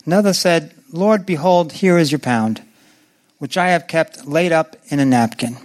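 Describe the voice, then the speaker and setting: A man preaching a sermon to a congregation, asking them questions and acting out scripture with big swings in his voice. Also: moderate pace. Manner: animated, acts out biblical voices with swings in pitch.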